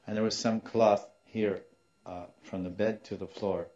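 Low-voiced man telling a sermon story. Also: measured pace, lo-fi sound. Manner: animated, acts out quoted voices, laughs now and then. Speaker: spiritual teacher.

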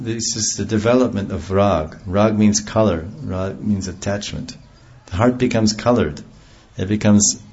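A man's voice: fairly low pitch, breathy edge, highs cut off. A man giving an earnest devotional sermon, explaining ideas with homely examples. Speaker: preacher.

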